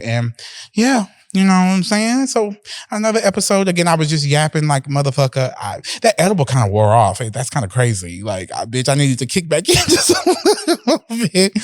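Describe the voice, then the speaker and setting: A young man talks through a casual solo podcast in a loose, rambling, heartfelt way, swearing freely. His voice is mid-pitched and often shoots up when he gets worked up. The sound is close and dry, with no room around it. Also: no echo. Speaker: podcast host.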